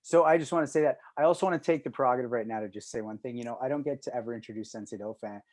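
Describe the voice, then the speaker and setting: A man's voice: mid-range voice, very fast, a little mellow, no room sound. A middle-aged man co-hosting a martial arts talk show over a video call, earnest and rambling, swearing freely. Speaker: podcast co-host. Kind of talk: casual chat.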